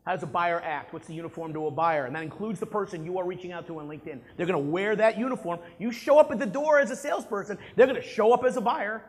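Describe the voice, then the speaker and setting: A man giving a live sales talk to an audience, animated, asking the room questions and acting out examples. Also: high voice, fast, hardly any pauses.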